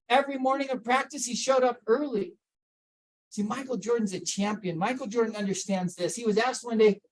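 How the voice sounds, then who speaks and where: Over a rough recording, a high-voiced man gives a motivational mental health talk to a workplace audience as a wellness speaker. He asks the audience questions, calls on people by name, and emphatically repeats his key points.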